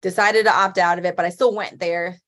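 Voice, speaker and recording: A woman's voice: lowish voice, steady tone, brisk, fairly bright tone. A woman in her thirties, a guest athlete in a casual interview, talking in a chatty way, with lots of "like" and frequent laughs.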